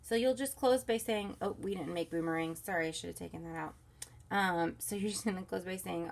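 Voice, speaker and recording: Upbeat woman with a creaky voice. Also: fairly low pitch, fairly quick. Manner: upbeat, instructive, talks to volunteers directly; soothes a baby softly mid-lesson. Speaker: children's ministry leader. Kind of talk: recorded training walkthrough for volunteers. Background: crying baby.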